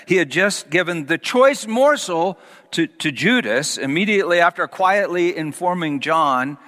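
A man preaching a sermon, reading scripture slowly and then expounding it with growing animation. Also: high-pitched, animated, pushed and bright, big-room sound. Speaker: pastor.

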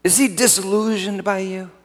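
A man preaching a sermon as pastor, swinging from hushed asides to loud emphatic peaks. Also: high voice, fairly even intonation, normal speed. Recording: long hall reverb.

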